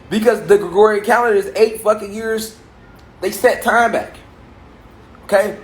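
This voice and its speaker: A man's voice: sits high, fairly even intonation, measured pace, roomy sound. A man in his thirties with an African American Vernacular English accent, lecturing a gathered audience on spirituality and driving his points home with rhetorical questions and repetition. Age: 30s. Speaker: speaker addressing a gathered audience. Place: large room with an audience.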